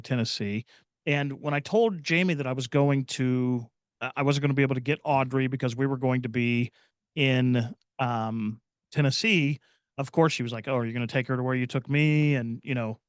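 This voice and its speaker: A middle-aged man from Indiana telling a personal story as a podcast guest, earnest and halting, often restarting his sentences. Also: medium pitch, no echo. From Indiana, USA. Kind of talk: personal storytelling in casual chat.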